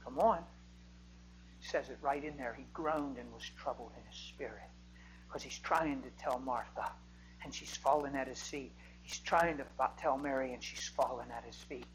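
A male preacher delivering a sermon, swinging between loud, emphatic preaching and hushed whispers, with a faint hum behind him. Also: medium pitch, moderate pace, rough recording. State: emotional.

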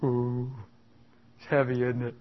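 A man's voice: medium pitch, completely flat delivery, unhurried. A man preaching a sermon with exuberant, emphatic delivery, chuckling between points. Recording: dull lo-fi sound with long hall reverb.

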